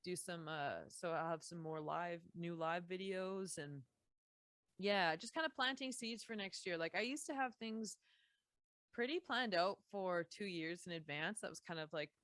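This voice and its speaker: Canadian woman, smooth low voice. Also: a little slow, a bit bright, no room sound. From Saskatchewan, Canada. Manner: chatty, many fillers and restarts. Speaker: musician guest. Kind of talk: casual podcast interview.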